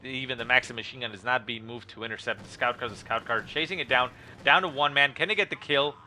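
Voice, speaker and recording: A man giving play-by-play commentary on a strategy game replay, calling the action with lots of "uh" fillers and quick bursts of excitement. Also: mid-range voice, slight background noise. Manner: rapid play-by-play with frequent "uh" fillers, rising excitement at kills. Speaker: game caster.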